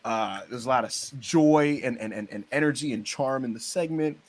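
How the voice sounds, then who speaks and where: A man's voice: mid-range voice, fairly quick. A man hosting a casual podcast, rambling through a recap with fillers and swearing. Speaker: podcast host. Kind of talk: casual wrestling podcast chat.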